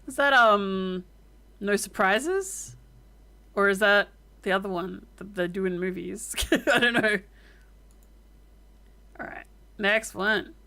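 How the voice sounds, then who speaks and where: A woman with an Australian accent, streaming casual reaction commentary with exclamations, free swearing and quick stories. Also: mid-range voice, pushed and bright. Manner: exclamatory, swears freely, storytelling.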